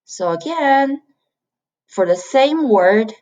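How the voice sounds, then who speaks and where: A woman from China, a native Chinese speaker, gives a beginner Chinese lesson at a very slow, patient pace. She models each sound and repeats it several times for learners. The recording sounds dull and lo-fi. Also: a little high, lively intonation, a little mellow. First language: Mandarin Chinese. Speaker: Chinese language teacher. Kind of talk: online language lesson.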